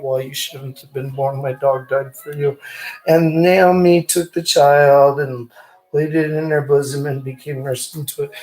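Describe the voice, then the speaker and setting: A man in a rambling, abusive, mocking rant, breaking off to read old verses aloud slowly. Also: mid-range voice, darkish tone, poor audio. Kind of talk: ranting monologue with scripture reading.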